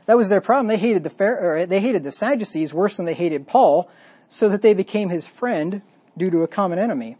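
A man's voice: high voice, lively intonation, brisk, a little mellow, slightly rough. A man giving an expository Bible sermon. He reads scripture aloud, then retells it emphatically in plain, conversational words. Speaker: preacher.

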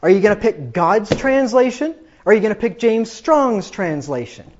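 A man preaching a combative, sarcastic sermon that builds to emphatic, drawn-out peaks. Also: high voice, sing-song, muffled recording. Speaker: pastor.

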